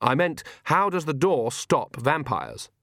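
A man's voice: fairly high pitch, big pitch swings, measured pace, a bit bright, no room sound, pitched above the performer's own voice, full character voice. A timid young man who stammers and hesitates over his words, voiced by a male reader. The sound is close and dry. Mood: nervous.

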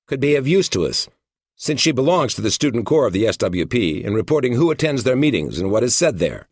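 A man's voice: mid-range voice, sing-song, fairly quick, breathy edge, no echo, studio quality, voice pushed up. A man reading as a male federal agent who speaks in a coaxing, insinuating way. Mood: probing. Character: smooth male federal agent, persuasive, probing.

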